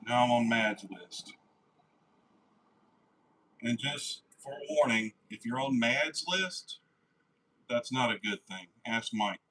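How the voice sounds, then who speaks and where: Animated yet slow, with frequent pauses, this medium-pitched man rambles comfortably to viewers of his workshop live stream, speaking warmly of family. Faint hiss or hum comes through the low-quality recording.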